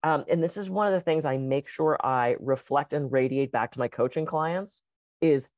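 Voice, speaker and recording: A woman co-hosting a casual podcast chat as a coach, telling stories and acting out quotes with lively energy. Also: deep voice, normal speed, no room sound. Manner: animated storyteller, acts out quotes.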